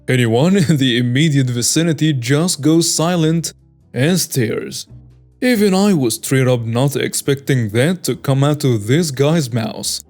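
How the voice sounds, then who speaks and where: A man narrating online stories in a plain, steady reading voice. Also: mid-range voice. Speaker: story narrator.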